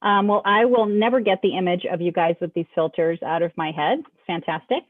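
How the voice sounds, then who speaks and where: A woman's voice: lowish voice, a little fast, no echo. Woman chatting over a tinny video call. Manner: friendly, chatty, walks through a website. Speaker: school staff host. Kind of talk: casual school announcement chat. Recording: dry, tinny phone-like call audio.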